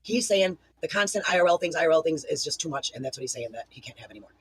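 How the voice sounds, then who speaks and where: A woman's voice: low-pitched, animated, racing, a bit bright, slightly rough, dry recording, low-quality recording. A woman co-hosting a livestream, talking in a heated, profane way and pleading with viewers. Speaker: livestream co-host. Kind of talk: livestream commentary.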